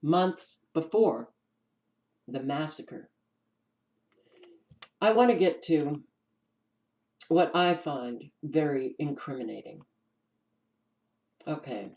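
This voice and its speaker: Slow-talking New York woman. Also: sits low, expressive, darkish tone, rough recording. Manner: unhurried, stops to restart words, many ums. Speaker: channel host. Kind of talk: casual commentary reading from documents.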